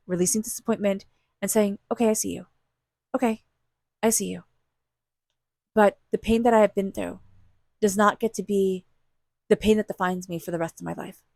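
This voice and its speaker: A woman's voice: medium pitch, darkish tone, no echo, clean studio sound. Earnest woman giving a tarot reading. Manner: earnest, repetitive, emphatic spiritual encouragement. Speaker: tarot reader.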